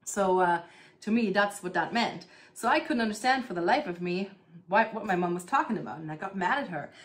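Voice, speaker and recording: While caring for her plants at home, a vlogger in her thirties from East Germany chats casually to the camera, laughing and using many fillers. She speaks fairly quickly in a mid-range voice with lively intonation.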